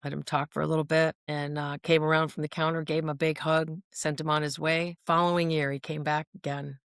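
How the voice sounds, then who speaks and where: A woman's voice: deep voice, flat delivery, a little fast, no room sound, clean studio sound. A woman speaking on mental health, telling personal stories in an earnest, emphatic way and often checking in with her listener. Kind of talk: personal storytelling monologue.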